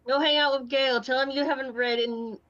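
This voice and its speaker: A woman's voice: sits high, fairly even intonation, fairly quick, a bit bright, dry recording, muffled recording. A woman co-playing a game, chatting in a teasing, playful way. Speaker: co-player. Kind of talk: casual chat while gaming.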